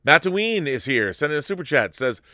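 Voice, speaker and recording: A man hosting a live-stream show, reading viewer messages and riffing on them in a rambling, animated way with frequent restarts. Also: a little high, brisk, no room sound, clean studio sound. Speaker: show host reading viewer super chats. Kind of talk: casual live-stream commentary.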